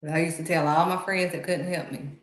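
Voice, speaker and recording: Brief: woman, lower voice, earnest conversational preaching, repeats for emphasis; roomy echo. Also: fairly even intonation, fairly quick. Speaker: speaker giving spiritual encouragement.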